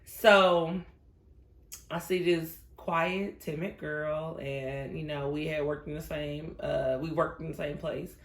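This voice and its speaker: A woman from the American Midwest hosting a podcast, telling stories in an animated, playful casual chat. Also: sits low, takes it slowly. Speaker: podcast host. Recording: echoey room.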